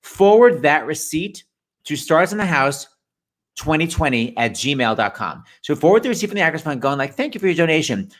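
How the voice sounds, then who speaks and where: A man's voice: fairly high pitch, big pitch swings, a little fast. A man hosting a live-streamed chat show, joking and chatty as he explains how to donate. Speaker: host. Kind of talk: casual livestream chat.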